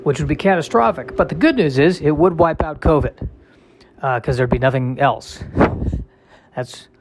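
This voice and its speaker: A man's voice: on the high side, normal speed, noisy background. A male comedian in a casual solo monologue, rambling and self-deprecating with a wry tone.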